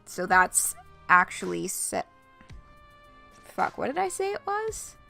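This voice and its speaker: A woman's voice: mid-range voice, sing-song, slow, gravelly, bright, forceful tone, faint music behind. A woman streamer giving casual let's-play commentary while reading a game aloud, chatty, laughing often and swearing freely.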